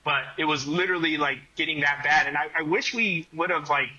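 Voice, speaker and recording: A man's voice: a little high, a little fast, husky, lo-fi sound. A man, a guest on a running podcast, telling stories in casual conversation with lots of "like" fillers. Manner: animated storyteller, many fillers like "like".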